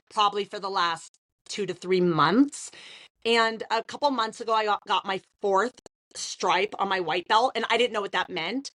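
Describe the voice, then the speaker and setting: Woman, thirties, casual podcast chat, animated and laughing, dry sound. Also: mid-range voice, no echo. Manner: animated storytelling, frequent "like" and laughs. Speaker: podcast co-host.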